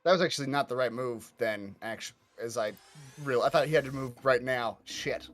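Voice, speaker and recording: A man's voice: mid-range voice, brisk, a bit bright. A man playing a tabletop game, thinking aloud hesitantly and laughing often. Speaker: player. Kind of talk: casual tabletop game play.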